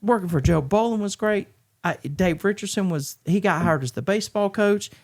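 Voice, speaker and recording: A middle-aged man from Georgia in the US, telling his story as a podcast guest in an earnest, halting way with many restarts. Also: high voice, a little mellow. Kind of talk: candid conversational storytelling.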